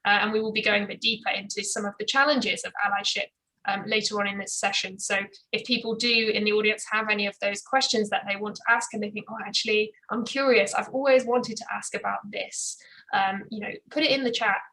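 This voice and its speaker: A woman moderates a panel in an encouraging, steady way. Her voice is bright and forward, and her pitch barely moves. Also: quick pace, rough recording. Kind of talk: panel discussion.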